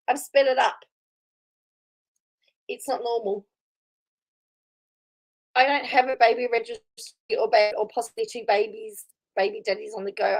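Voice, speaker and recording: A woman hosts casual live commentary on a video, chatting, reading viewer comments aloud, and laughing often. Her voice is a little high, and the recording quality is low.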